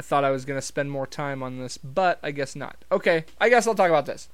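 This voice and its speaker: Montana guy, casual wry storyteller, somewhat high, smooth resonant voice, swears freely. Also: quick pace, hardly any pauses. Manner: rambling, profane, wry, with many fillers.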